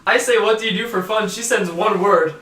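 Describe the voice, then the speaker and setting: A young man co-hosting a podcast, telling a story in animated casual chat and reading out messages. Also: sits high, a little fast, distant mic. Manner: animated, reads out messages with bursts of laughter. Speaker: podcast co-host. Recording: roomy echo, a bit off-mic, faint noise.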